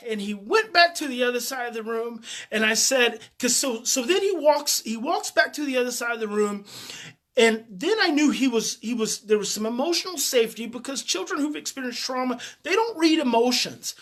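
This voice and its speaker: Guy with a bright, forceful voice telling a personal story, heartfelt, keeps repeating himself. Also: very high-pitched. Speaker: parenting educator.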